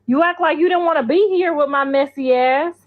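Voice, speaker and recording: A woman's voice: high voice, a little fast, narrow, tinny audio. A middle-aged woman hosting a casual gossip livestream, blunt, sassy and freely profane. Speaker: host.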